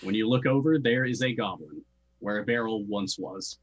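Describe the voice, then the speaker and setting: A man's voice: lowish voice, moderate pace, breathy edge. A man narrating as game master in a casual tabletop session, describing scenes loosely with fillers.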